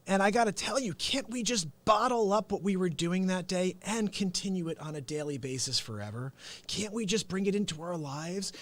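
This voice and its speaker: A man hosts a live stream with a bright, high voice that leaps around in pitch. He tells animated stories, laughs often and drops into comic impressions. The sound is close and dry, with no room echo. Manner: animated storyteller who slips into comic impressions; laughs often and talks straight to viewers. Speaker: host and real estate agent. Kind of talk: unscripted live-stream talk.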